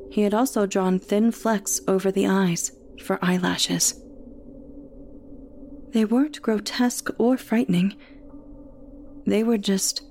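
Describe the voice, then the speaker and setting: Woman, horror story narration, very slow, hushed, medium pitch, faint hiss.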